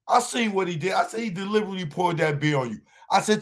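A man performing live stand-up, telling a long story in slang, with many restarts, and jumping into high shouted voices for the other people in it. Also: quick pace, few pauses. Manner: repeats and restarts words, talks in slang. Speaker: stand-up comedian.

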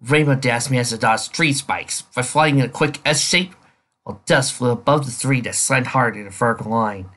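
A man reading his own fan fiction story aloud as narrator, in an expressive, animated way. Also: medium pitch, moderate pace. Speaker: fan fiction author and reader.

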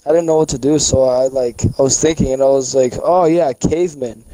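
A man's voice: medium pitch, steady tone, fast, dark tone, dry recording, poor audio. A young man co-hosting a casual podcast, telling a long rambling story full of swearing and fillers. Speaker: podcast co-host. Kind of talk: casual chat.

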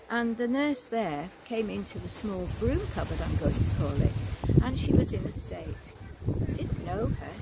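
An older woman tells her story of faith with gentle earnestness and a gravelly edge to her voice. Her voice sits at an ordinary pitch. A steady hiss of noise sits under the home recording. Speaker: church warden. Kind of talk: personal testimony.

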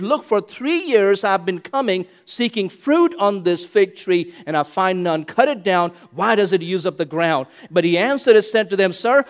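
A male pastor preaching a sermon, animated, repeating lines for emphasis and swinging from loud to hushed. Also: sits high.

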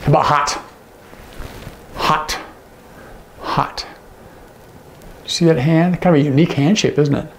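A man's voice: fairly high pitch, steady tone, unhurried, pauses often, a little hiss or hum. A man teaching sign language, patiently naming each word and checking in with the viewer. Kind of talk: instructional demonstration.

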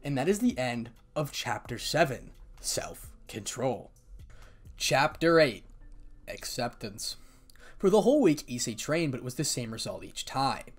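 A man narrates a fan story in an expressive reading voice. His pitch moves a lot and keeps the telling lively. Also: measured pace.

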